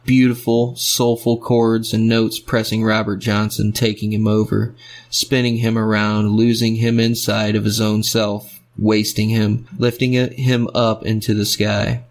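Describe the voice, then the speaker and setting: Low, flat-voiced male storyteller. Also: measured pace. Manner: rhythmic, fragmentary phrasing. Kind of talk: storytelling narration.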